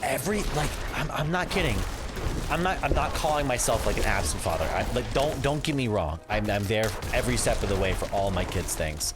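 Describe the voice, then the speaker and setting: A man's voice: medium pitch, animated, fairly quick, heavy background noise. A young man livestreaming a game, chatting casually and animatedly, laughing often and acting out family conversations. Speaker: gaming livestreamer and father. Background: game music.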